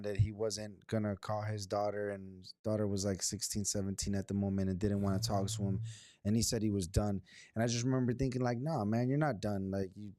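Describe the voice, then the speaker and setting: Mellow man, hesitant and reflective. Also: on the low side, no echo, clean studio sound. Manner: hesitant, reflective, many restarts. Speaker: podcast co-host. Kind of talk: casual podcast chat.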